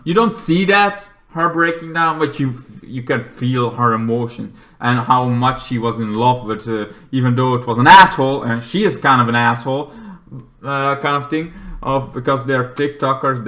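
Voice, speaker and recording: A man reviewing a movie in a rambling, casual way, restarting often and breaking into loud acted-out shouts. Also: medium pitch.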